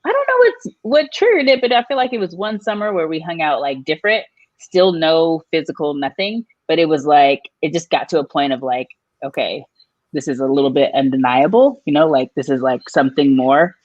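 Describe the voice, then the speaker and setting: A woman telling a personal story on a live podcast, animated, her voice jumping up high when she quotes people. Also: fairly quick, no room sound, lo-fi sound. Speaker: guest.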